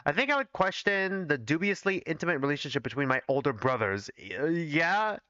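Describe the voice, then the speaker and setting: Man doing an anxious young woman doctor, pleading, lively bright voice, dull dry recording. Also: on the high side, brisk, clear, resonant tone, no room sound. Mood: exasperated. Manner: pleading, flustered objections. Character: timid young female doctor, anxious and reluctant.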